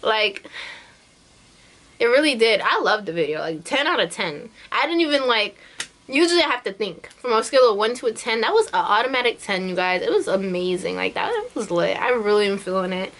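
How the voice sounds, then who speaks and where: A woman's voice: medium pitch, animated, fairly quick, fairly bright tone. A young woman in her twenties chatting casually in a reaction vlog, bubbly and full of slang, laughing often. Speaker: YouTube reaction vlogger.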